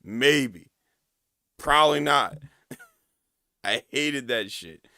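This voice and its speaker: A hoarse man in his thirties giving profane, laughing commentary while reacting to a video on a livestream. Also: medium pitch, very slow, sharp tone, no echo, clean studio sound.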